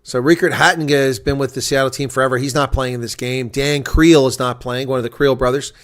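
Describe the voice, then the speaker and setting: A man calling a rugby game live for his stream audience, sounding tired after a long day. His voice sits in a middle register, neither deep nor high. He moves loosely between play-by-play and chatty asides to viewers. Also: steady tone, a little fast. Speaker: host and play-by-play commentator. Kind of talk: live play-by-play reaction commentary.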